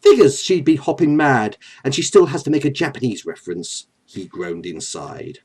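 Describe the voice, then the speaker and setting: A man voicing a vain, smug male trickster god with an English accent, speaking low and smooth. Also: lively intonation, normal speed. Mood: reading. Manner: low, smooth, self-satisfied.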